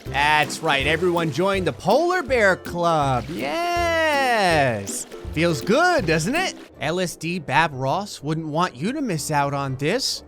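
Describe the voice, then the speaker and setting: A man's voice: on the high side, big pitch swings, measured pace, fairly bright tone, faint music behind. A young man giving comedic commentary over a life-simulation game, sarcastic and mocking, often slipping into little voices for the characters. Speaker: gaming YouTuber.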